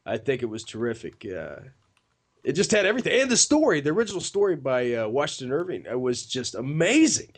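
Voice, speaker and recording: A man's voice: mid-range voice, very animated, a little fast. A man co-hosting a paranormal talk radio show, chatting casually, enthusiastic and effusive, often tossing in "man.".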